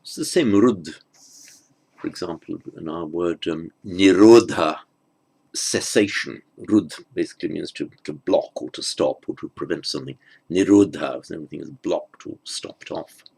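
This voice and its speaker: A man's voice: sits low, normal speed, creaky, a little mellow, slightly rough. A man teaching an online grammar lesson, thinking aloud with fillers and restarts and muttering asides under his breath. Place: at a desk with a tablet.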